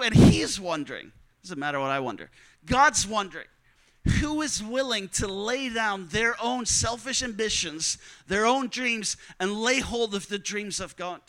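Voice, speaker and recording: High bright clear-voiced male preacher. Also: lively intonation, a little slow. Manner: storytelling, earnest, repeats key lines for emphasis. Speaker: missionary preacher. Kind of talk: sermon to students.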